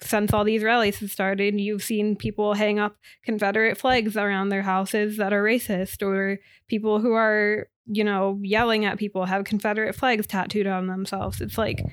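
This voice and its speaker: A woman's voice: medium pitch, level tone, moderate pace, hardly any pauses, clear, resonant tone, no room sound, studio quality. A young woman from Michigan in college with a Midwestern accent, co-hosting a casual chat in an earnest way, full of "like". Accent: Midwestern American. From Michigan, USA. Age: young adult. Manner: earnest, many "like" fillers. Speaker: podcast co-host.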